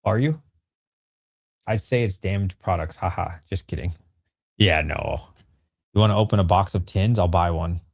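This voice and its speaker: A man's voice: low voice, moderate pace, gravelly, long pauses, dry recording, studio quality. A man in his thirties chatting casually with a live-stream audience while selling and opening trading cards, in a slangy, joking way. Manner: laid-back slangy talk, frequent "bro" and laughter.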